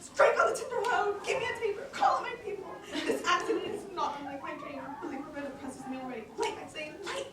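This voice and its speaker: Woman doing an indignant old senator, Shakespeare reading, high-pitched, echoey room, heard from afar. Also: animated, quick pace, hardly any pauses, far from the mic, a crowd in the background. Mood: alarmed. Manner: indignant, shouting commands. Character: angry old male senator, proud and alarmed. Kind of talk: amateur Shakespeare stage reading.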